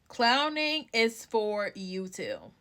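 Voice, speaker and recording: A young New York woman who makes clown content rants into her phone in a casual vlog. Her voice is high, sing-song, a bit bright, and extremely slow. She's blunt, profane, and heated, swearing freely and hammering her points home.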